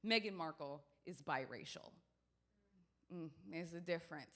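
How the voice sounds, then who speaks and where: A woman doing stand-up comedy, telling stories in a brash, profane, animated way. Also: low voice, measured pace.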